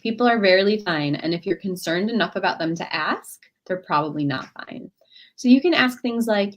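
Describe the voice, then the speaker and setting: A woman's voice: medium pitch, normal speed. A woman, a clinical social worker, giving a workshop talk in a conversational way, often checking in with "right?" and acting out example dialogues. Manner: lively, acts out example dialogues in other voices.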